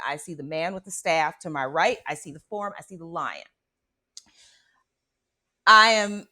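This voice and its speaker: A woman hosting a spiritual radio show, telling a personal story in an animated, dramatic way and often checking in with her listeners. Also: fairly low pitch.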